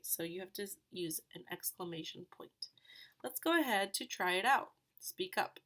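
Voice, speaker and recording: A woman's voice: mid-range voice, fairly bright tone. A woman teaching a recorded grammar lesson to third graders, patient and explaining step by step with questions.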